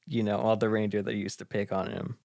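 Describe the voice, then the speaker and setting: A man improvising a comic holiday story, animated and laughing often. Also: on the low side, fairly quick, gravelly.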